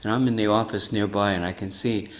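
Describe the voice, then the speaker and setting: A man sharing a lively story and reflection with a devotional class over a video call. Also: fairly low pitch, fast. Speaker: class participant.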